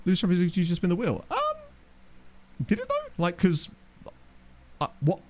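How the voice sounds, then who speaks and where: A man's voice: high voice, a little fast, background noise. A man streaming a football management game, chatting casually with his chat, rambling and joking as he plays. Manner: rambling, jokey, reacts to chat. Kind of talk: casual live-stream commentary. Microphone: desk microphone.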